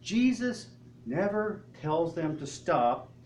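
A male pastor preaching a sermon, telling the story in an animated way and asking the congregation questions. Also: fairly high pitch, takes it slowly. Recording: echoey hall, faint ambience.

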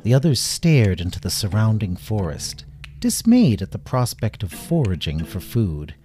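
A man narrating a children's story in a playful, animated way. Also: lowish voice, moderate pace, soft background music.

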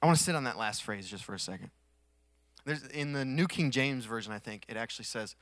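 A man preaching a sermon in a conversational way, swelling to emphatic peaks and dropping to quiet asides, with touches of humor. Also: mid-range voice, lively intonation, fairly quick, no echo, studio quality. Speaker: pastor.

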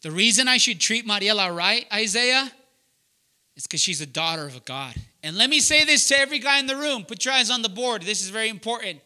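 A man preaching loudly and emphatically to young adults, often asking the room to fill in words. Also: high-pitched, expressive, a little fast. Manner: loud, emphatic, asks the room questions. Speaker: pastor teaching young adults. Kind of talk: sermon.

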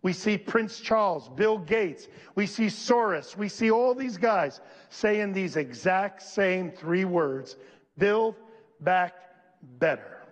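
Emphatic high-voiced preacher in a reverberant church. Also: male voice, lively intonation, lo-fi sound. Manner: emphatic call-and-response preaching, leading the congregation in repeating lines; slows and stresses key phrases, rising to shouts. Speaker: pastor. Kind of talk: sermon.

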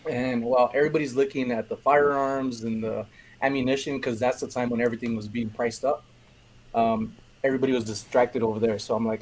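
A man's voice: mid-range voice, fairly even intonation, a little fast, darkish tone, poor audio. A man co-hosting a casual stream who tells a story and acts out the dialogue within it. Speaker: reseller co-host. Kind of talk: casual anecdote.

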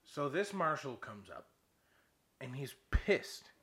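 A man's voice: mid-range voice, big pitch swings, slow, a bit bright. A young man telling a rambling, profane story in casual chat, ranting with laughs.

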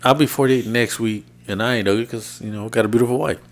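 A man's voice: medium pitch, fairly even intonation, fast talker, a little hiss or hum. A man in his forties, co-hosting a podcast in casual chat, laid-back and teasing. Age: 40s. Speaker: podcast co-host.

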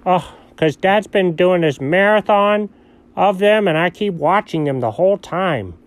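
A man with a high-pitched, lively voice plays a curious, nerdy young sidekick in comedy banter. As co-host, he keeps firing off quick follow-up questions.

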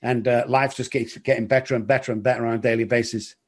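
A middle-aged man speaking in a mid-range voice. He tells his story earnestly as an interview guest, halting now and then and repeating words. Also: mid-range voice, steady tone, breathy edge. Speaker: guest in recovery.

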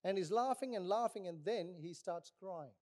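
A middle-aged male pastor preaching a sermon, animated, acting out little voices in his stories. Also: sits high, moderate pace.

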